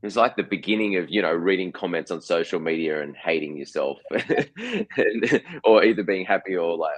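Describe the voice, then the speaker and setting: A man's voice: low-pitched, big pitch swings, moderate pace, muffled recording. An Australian man in his forties, a guest actor chatting in an interview, rambling with lots of restarts and repeated words. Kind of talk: casual interview chat.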